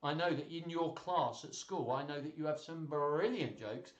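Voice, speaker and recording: A man's voice: fairly high pitch, normal speed, reverberant, muffled recording. A man hosting a live children's joke stream, chatting casually and laughing as he reads jokes aloud.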